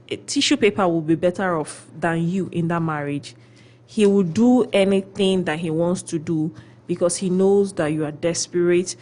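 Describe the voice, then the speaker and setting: A woman on a radio show giving relationship advice. She tells stories with lively acted quotes and often checks in with "okay?". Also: fairly low pitch. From Philippines. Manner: animated storyteller, acts out quotes.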